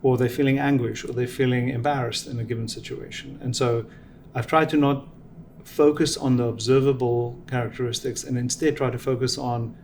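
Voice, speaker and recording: A middle-aged man giving reflective, measured answers in an interview, explaining ideas with examples. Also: mid-range voice, steady tone, a little mellow, slight background noise. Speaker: venture capital guest.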